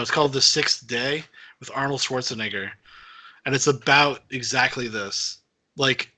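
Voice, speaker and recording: A man's voice: medium pitch, bright, forceful tone. A young man co-hosting a casual podcast chat, rambling with many fillers as he thinks aloud. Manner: rambling, filler-heavy musing. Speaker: podcast co-host.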